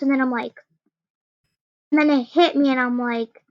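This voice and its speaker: A woman's voice: high voice, fairly even intonation, normal speed, long pauses, dry recording, muffled recording. A teenage girl telling a rambling storytime, full of "like" and restarts. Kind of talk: casual storytime.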